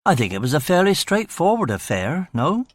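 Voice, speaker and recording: A man's voice: a little high, very animated, moderate pace, no room sound, pitched above the performer's own voice. A man voicing a young, eager and talkative male police constable in a crime audiobook, breezy and upbeat. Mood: chatty.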